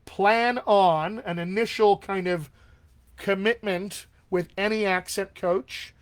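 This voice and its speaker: A man's voice: sits high, fairly even intonation, slow pace. Chatty, encouraging male dialect coach. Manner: chatty, encouraging, tags lines with "all right?". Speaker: dialect coach hosting a live Q&A. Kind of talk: casual live-stream advice talk.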